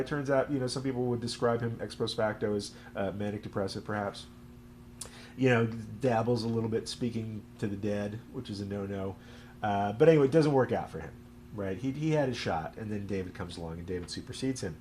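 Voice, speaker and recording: A man's voice: lowish voice, brisk, a little mellow, a little hiss or hum. A man, a rabbi hosting a livestream, teaching casually with jokes and lots of fillers. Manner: chatty and joking, with frequent fillers. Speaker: rabbi and stream host.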